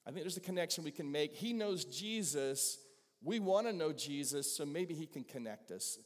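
A Southern man preaching to his church in an easy, conversational way, often turning questions out to the people in the pews. His voice sits a little high for a man. It rings out with the long reverb of a large sanctuary. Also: expressive, moderate pace. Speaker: pastor. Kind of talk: sermon.

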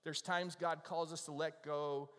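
Casual pastor preaching in a reverberant hall. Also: male voice, on the high side, little pitch movement, measured pace, fairly bright tone. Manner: conversational, self-deprecating joke telling. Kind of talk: sermon.

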